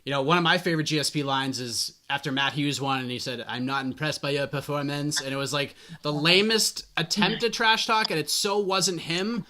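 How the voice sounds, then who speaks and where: Chatty interviewer man, bright voice. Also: fairly high pitch, a little fast, few pauses. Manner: chatty, long winding questions. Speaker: MMA interviewer. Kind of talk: casual interview.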